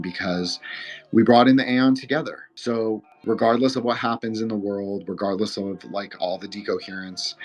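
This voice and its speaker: A man hosting a casual roundtable podcast, rambling, earnest and emotional, with frequent profanity. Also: fairly low pitch. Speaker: podcast host and moderator.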